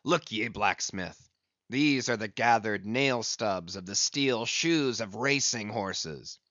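A man's voice: lowish voice, slow, bright, forceful tone, no echo, lo-fi sound. A man reading an audiobook, voicing an obsessed, brooding old sea captain who speaks in passionate, commanding old-fashioned speech. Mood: intense.

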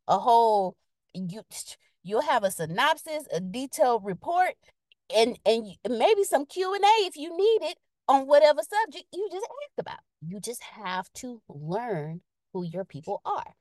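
A woman chats on a podcast in a lively, expressive way, reading out viewer comments. Her voice sits a little high and swings widely in pitch. The sound is dry and close. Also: unhurried, no echo. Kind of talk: casual live-stream chat.

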